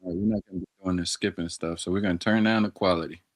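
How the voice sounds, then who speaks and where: A man's voice: low voice, steady tone, very fast. A man chatting casually on a live stream, thinking aloud and sounding out words as he studies, talking straight to his viewers. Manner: talks directly to viewers in chat. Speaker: streamer studying Arabic.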